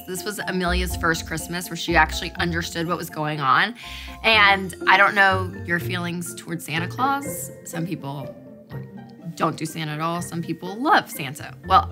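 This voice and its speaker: A young adult woman hosting a talk show, telling a chatty, animated story and then interviewing a guest. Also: on the low side. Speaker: show host.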